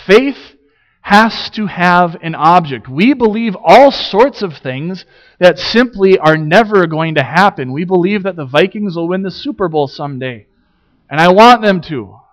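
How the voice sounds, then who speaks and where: A man preaching a sermon, building rhetorical questions with dramatic pauses. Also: sits high, lively intonation, muffled recording. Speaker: pastor.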